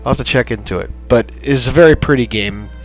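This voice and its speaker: A man hosting a gaming channel, chatting in a rambling, halting way with lots of fillers as he wraps up a playthrough. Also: medium pitch, poor audio. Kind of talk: casual gameplay commentary. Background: soft background music.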